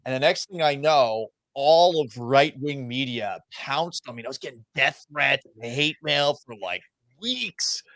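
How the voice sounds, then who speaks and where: A man who hosts sports radio, telling stories in a casual interview with a self-deprecating, profane, animated manner. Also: mid-range voice, a little slow, dry recording. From Massachusetts. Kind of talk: casual storytelling in a podcast interview.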